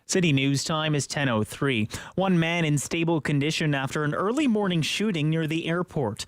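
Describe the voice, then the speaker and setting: A man reading the radio news in a brisk, even newsreader delivery. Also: on the high side. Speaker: radio newscaster.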